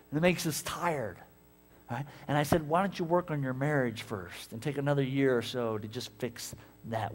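Animated male pastor in a reverberant hall. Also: fairly high pitch. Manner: animated storytelling, acts out conversations. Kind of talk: sermon. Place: church sanctuary.

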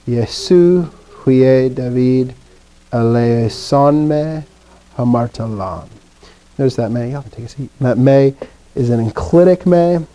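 A man's voice: mid-range voice, mellow. A man teaching a classroom lesson, first reciting drills, then explaining with fillers and questions to the students.

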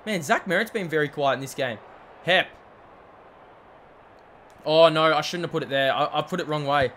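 A young man, commentating his own football video game as he plays, often yelling at the players and talking to himself. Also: on the high side, moderate pace. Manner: excitable, shouts at the play, talks to himself. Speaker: gaming channel host. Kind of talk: let's-play commentary.

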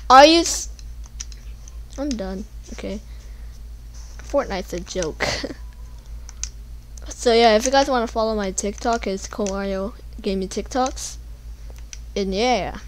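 A young woman giving casual gameplay commentary, panicking and pleading, then yelling at the game. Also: medium pitch, slow pace, long pauses, noisy background. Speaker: gamer.

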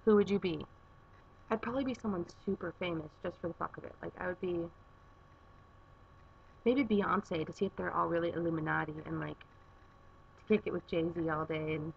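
Young woman rambling on a vlog in her garage, gravelly, dull lo-fi sound, faint hiss. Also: on the low side. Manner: rambling, chatty, with filler words. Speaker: vlogger. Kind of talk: casual vlog chat. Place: home garage.

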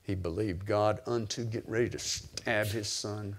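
A man pastor preaching a sermon, emphatic and at times near-shouting. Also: lowish voice, steady tone, unhurried.

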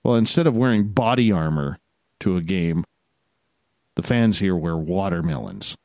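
A man hosting a casual radio talk show, joking and rambling with shout-outs to listeners. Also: low-pitched, moderate pace, no room sound, studio quality. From Canada.

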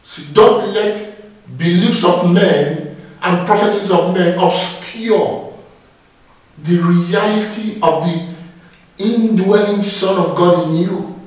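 A man's voice: high-pitched, slow pace, darkish tone, heavy reverb, distant mic, low-quality recording. A man preaching a sermon, exhorting his listeners and often breaking in with praise. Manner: exhorting, repeats phrases with "Praise God".

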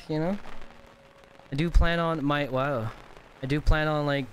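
Higher-pitched man chatting loosely on stream. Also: a bit bright, a little hiss or hum. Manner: loose and chatty, swears often, laughs easily. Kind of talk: casual livestream chat. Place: home room while playing VR.

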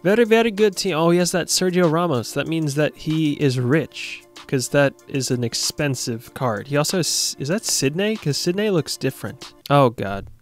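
A man's voice: on the high side, normal speed, few pauses. Young guy yapping over his soccer game, jokey and hyped, bit of music in the back. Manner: jokey, excitable, talks to viewers. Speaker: gaming YouTuber. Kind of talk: casual gameplay commentary.

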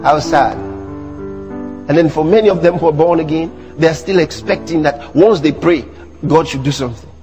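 A man preaching a sermon to a church congregation, animated, teasing the audience with rhetorical questions and mimicry. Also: a little high, normal speed, in a large hall, music in the background. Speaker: pastor.

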